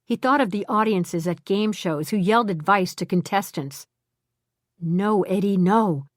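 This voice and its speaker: A woman's voice: medium pitch, normal speed, no echo, clean studio sound. Woman narrating a mystery novel. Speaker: audiobook narrator.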